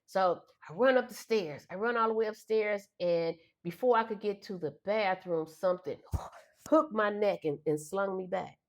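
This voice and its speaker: A middle-aged woman with a medium-pitched voice speaks at a moderate pace, emotionally retelling a memory from her childhood. As she shares this personal story, she acts out the voices of the people in it.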